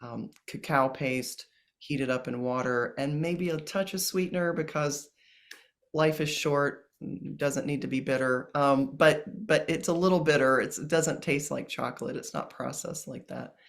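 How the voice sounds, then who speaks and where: A man speaking as a guest in a casual interview about ceremonies, gentle and earnest, with many pauses and restarts. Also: a little high, vocal fry. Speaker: plant medicine ceremonialist guest.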